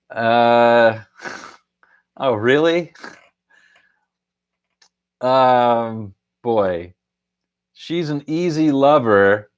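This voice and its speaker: A middle-aged man hosting a casual live stream, chuckling often and half-singing song lines as he reads out viewer answers. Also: mid-range voice.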